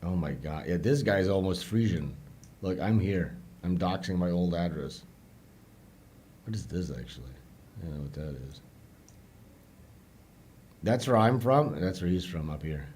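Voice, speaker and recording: Low-voiced livestreamer joking around. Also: male voice, animated, moderate pace, long pauses, a little mellow, a little hiss or hum. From Netherlands (Limburg). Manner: loose, joking, switches into Dutch and German. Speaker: livestream host. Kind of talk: casual livestream chat with viewers.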